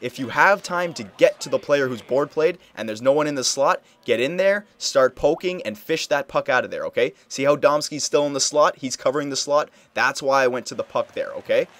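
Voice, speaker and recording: A man's voice: mid-range voice, expressive, brisk, hardly any pauses, fairly bright tone. A young man hosting a casual game tutorial, explaining plays over footage in a coaching tone and often checking in with "okay?". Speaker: video game tutorial host. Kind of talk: casual gameplay tutorial commentary.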